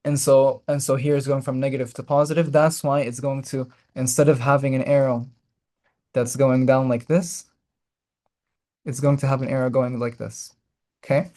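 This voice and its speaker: A man's voice: mid-range voice, flat delivery, normal speed, mellow. Young male medical lecturer, drawing while he explains, repetitive, checks in often. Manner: repetitive, checks in with "right?", restarts phrases.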